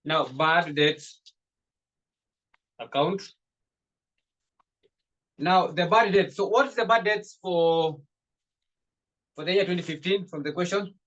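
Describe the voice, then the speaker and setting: A man's voice: fairly high pitch, measured pace, pauses often, a bit bright, muffled recording. A man teaching accounting, repeating his points with emphasis. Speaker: accounting tutor. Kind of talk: classroom lecture.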